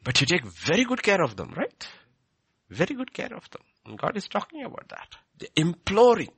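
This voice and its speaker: A man preaching a sermon, animated and repetitive, building to emphatic peaks. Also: high-pitched, fairly quick, creaky, slightly rough, no echo.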